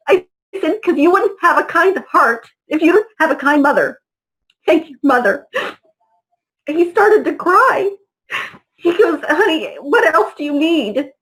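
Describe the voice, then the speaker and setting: A woman's voice: sits high, fairly bright tone, low-quality recording. A woman who is a mother, an interview guest telling a personal story with feeling and acting out the dialogue in it. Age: adult mother. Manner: vivid, acts out dialogue in her retelling.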